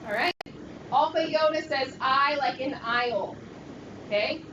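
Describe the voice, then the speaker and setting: A woman's voice: sits high, measured pace, dull audio, background noise. A woman teaching a Greek class, leading students through pronunciation drills with encouraging call-and-response. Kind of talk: classroom lesson. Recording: echoey classroom from far off.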